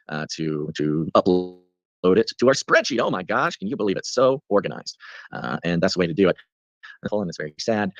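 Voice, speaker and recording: Lively, quick low-voiced podcast co-host man. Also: dry recording, highs cut off. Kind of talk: casual chat and reading listener submissions.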